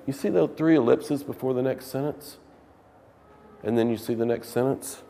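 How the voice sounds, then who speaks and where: A man's voice: mid-range voice, moderate pace, creaky, mellow, big-room sound. A man teaching a literature class, lecturing casually and reading passages aloud with dramatic emphasis.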